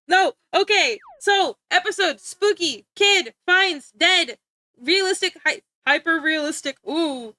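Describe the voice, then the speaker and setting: A young woman streamer with a high, bright voice, rambling along and giggling often as she keeps getting sidetracked. The sound is close and dry, with no room around it. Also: animated, slow, dry recording. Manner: giggly, easily sidetracked, talks to chat and friends. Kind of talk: casual rambling stream chat.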